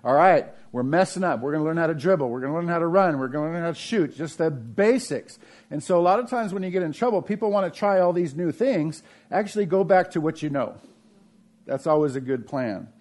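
A middle-aged man preaching a conversational sermon, asking the congregation questions and swinging between raised emphasis and quiet, low asides. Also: expressive, brisk. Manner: conversational preaching with frequent restarts and rhetorical questions. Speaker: pastor.

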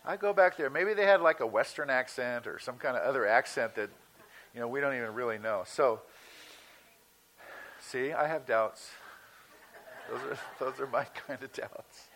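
A male pastor giving a sermon in a conversational teaching manner, slowing down to stress key words. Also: medium pitch, fairly bright tone, a little hiss or hum, rough recording.

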